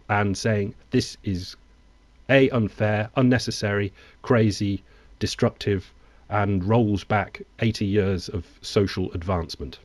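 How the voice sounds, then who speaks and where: A man's voice: on the low side, fairly even intonation, slow, dry recording. A man who reads news articles aloud and breaks off into wry, digressive asides of his own. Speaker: news commentator. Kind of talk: reading and commenting on news articles.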